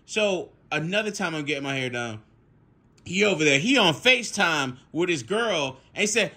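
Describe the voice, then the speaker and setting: A young man, telling a casual story at home, animated, laughing often and swearing freely. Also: fairly high pitch, moderate pace, slightly rough. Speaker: vlogger.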